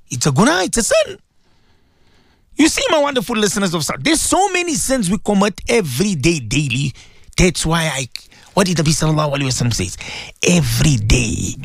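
A man's voice: fairly high pitch, creaky, slightly rough, no room sound, studio quality. A man preaching an Islamic sermon to radio listeners, emphatic and repetitive, often asking them questions. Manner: emphatic, repeats phrases, asks listeners questions.

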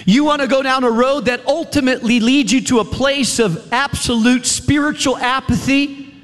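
A man preaching a sermon in a chapel, emphatic, with repeated refrains and dramatic pauses. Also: very high voice, steady tone, a bit bright. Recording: long reverb of a large hall.

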